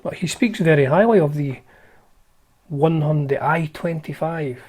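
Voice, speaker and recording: A man's voice: fairly high pitch, measured pace, a little mellow, husky. A man hosting a guitar channel, chatting casually and wryly through old magazines, with lots of fillers and restarts.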